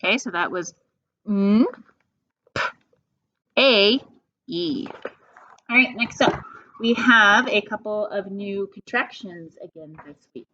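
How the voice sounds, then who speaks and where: Woman teacher, bright voice, slow careful delivery; phonics drill for kids, dull lo-fi recording. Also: mid-range voice, slight background noise. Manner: slow, patient, drawn-out sounds. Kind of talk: phonics lesson for young children. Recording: dull lo-fi sound.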